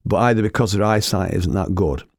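A man's voice: deep voice, brisk, no room sound, clean studio sound. A man, a former radio host, telling rambling, chatty anecdotes and laughing at his own tales. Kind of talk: casual anecdotal storytelling.

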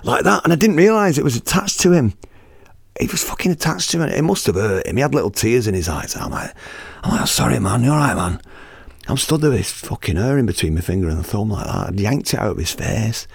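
A man in his fifties hosting a podcast, telling a story in a lively, casual way, acting out the scene and swearing freely. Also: medium pitch, fast talker, creaky, husky, no room sound. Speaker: podcast host and musician.

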